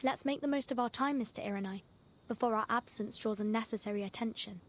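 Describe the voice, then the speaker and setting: A man voicing a polite, discreet young woman in a quiet, high falsetto. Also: quick pace, a little hiss or hum, natural voice. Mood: hushed.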